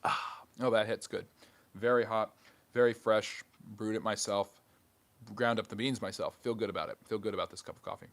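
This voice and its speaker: A man hosting a live history stream, reading chat questions aloud and answering with quick, dry jokes. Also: fairly low pitch, fairly even intonation.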